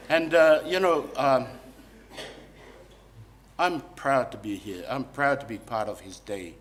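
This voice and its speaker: Rambling New man giving a eulogy. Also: medium pitch. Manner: rambling, folksy storytelling. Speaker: funeral director and celebrant. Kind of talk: funeral eulogy. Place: funeral service.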